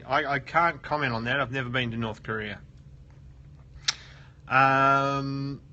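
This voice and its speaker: Bright-voiced Australian man chatting live. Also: medium pitch, highs cut off, slight background noise. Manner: chatty and joking, reads viewer comments aloud. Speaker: host of a live SEO question stream. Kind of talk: casual live-stream chat. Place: office at work.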